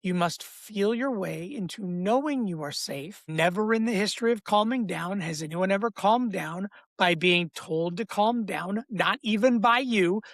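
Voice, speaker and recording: A man who works as a breathwork coach, explaining in a podcast interview with an emphatic, repetitive teaching cadence and an animated delivery. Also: high-pitched, unhurried, hardly any pauses, no echo. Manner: animated, acts out inner voices.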